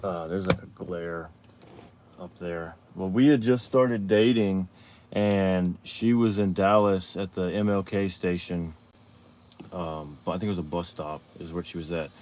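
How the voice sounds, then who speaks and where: A man hosting a live show, telling a personal story in a rambling, halting way full of fillers and restarts. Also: low voice, darkish tone, slight background noise. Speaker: show host. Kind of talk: casual storytelling on a live stream.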